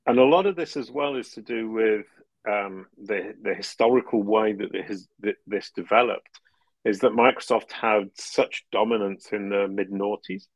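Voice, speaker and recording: Low-voiced man, lively explainer. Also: moderate pace, no room sound, lo-fi sound. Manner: animated, laughs often, restarts phrases; explanatory, talks in long runs. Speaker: podcast guest. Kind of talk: casual interview chat.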